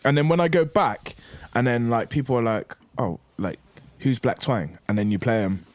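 A man, a hip hop artist guest, chatting in an easygoing way and quick to agree. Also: medium pitch, no room sound. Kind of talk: casual chat.

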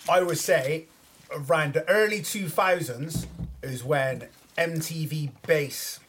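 A man's voice: a little high, slow pace, fairly bright tone, slight background noise. A man, a hip hop artist guest, chatting in a laid-back way with a lot of swearing and filler words. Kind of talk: casual chat.

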